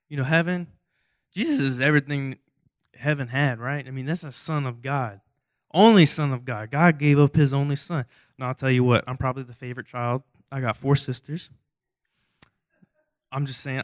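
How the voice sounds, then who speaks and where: A man's voice: medium pitch, no room sound, clean studio sound. A young man, preaching a casual, joking sermon full of rhetorical questions and rambling asides. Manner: goofy, self-mocking, rambling with asides. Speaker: youth preacher.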